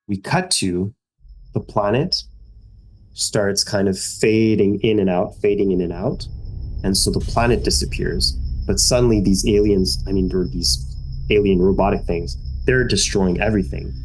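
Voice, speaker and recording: A man's voice: on the low side, moderate pace. A man narrating a tabletop game as game master, casual and rambling with lots of fillers.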